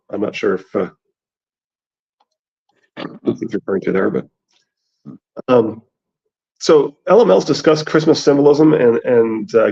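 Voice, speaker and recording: A man with a gravelly, raspy voice who reads passages aloud and then chats about them. His pitch is average, and the sound is dull and lo-fi. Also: a little mellow. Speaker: podcast host reading aloud. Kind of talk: casual book discussion and reading aloud.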